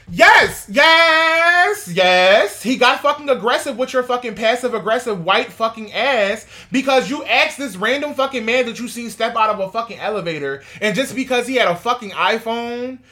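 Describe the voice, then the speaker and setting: High, animated man ranting profanely. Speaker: podcast co-host. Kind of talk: casual gossip chat.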